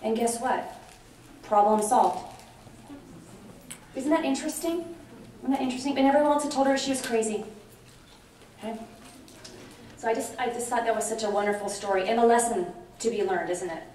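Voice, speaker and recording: A middle-aged woman presents to a conference room with a chatty, animated delivery, checking in with listeners again and again. Her voice sits a little high. The sound is very echoey and distant, with a faint hiss underneath. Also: brisk, long pauses. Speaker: conference speaker on dementia care. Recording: very echoey hall from far off, faint noise.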